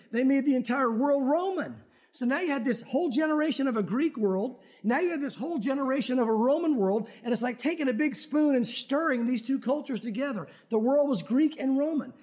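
High-voiced man preaching a sermon. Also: animated, a little fast, a little mellow. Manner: conversational, joking asides to the congregation. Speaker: pastor. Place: church sanctuary.

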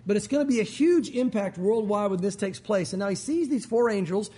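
Male pastor with a very high, husky voice, preaching in a chatty, joking style. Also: a little fast, mellow. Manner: conversational, joking asides. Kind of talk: sermon.

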